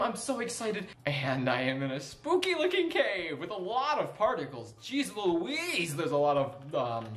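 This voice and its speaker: A man doing excited, nervous gameplay commentary, reading lore aloud and giggling often. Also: high-pitched, measured pace, hardly any pauses. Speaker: gaming YouTuber.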